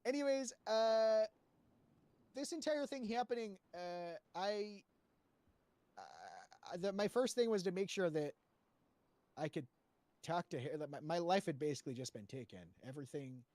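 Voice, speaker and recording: A man with a fairly high voice recounts his side of a roleplay story to a panel in loose casual speech. He rambles, swears freely and keeps restarting his sentences. The sound is close and dry. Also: expressive, measured pace, pauses often, a little mellow, no echo. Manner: rambling, profane, full of fillers and restarts. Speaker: roleplay player giving testimony to a panel. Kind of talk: casual spoken retelling of roleplay events.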